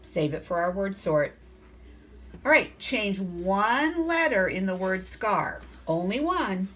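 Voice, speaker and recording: Woman, phonics teacher, slow, lively sing-song pitch, coaxing questions. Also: slight background noise. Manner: slow, sounds out letters and words; coaxing, asks the class questions. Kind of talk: phonics lesson for young children.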